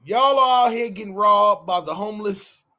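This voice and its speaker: A man co-hosting a casual morning podcast, talking in an animated, profane way and swinging his voice around when he acts out quotes. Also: high-pitched, moderate pace. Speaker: podcast co-host. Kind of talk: casual morning show banter.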